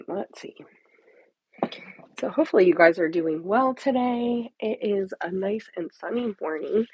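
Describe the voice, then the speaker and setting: A woman's voice: mid-range voice, darkish tone, slightly rough, dry recording, low-quality recording. A woman hosting a casual crafting livestream from home into a phone or tablet mic, rambling and dropping into half-whispered asides to herself. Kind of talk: casual live-stream chat.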